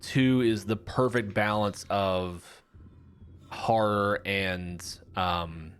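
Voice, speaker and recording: A man's voice: fairly low pitch, steady tone, very slow, clear, resonant tone. A young man streaming a horror game, chatting casually and rambling with viewers. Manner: rambling, chatty, self-mocking. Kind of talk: casual gameplay commentary.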